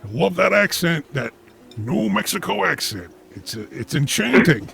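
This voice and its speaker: A man hosting a comedy call-in show, speaking in a deadpan, pompous, lecturing way. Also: on the high side, normal speed, soft background music. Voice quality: gravelly, raspy.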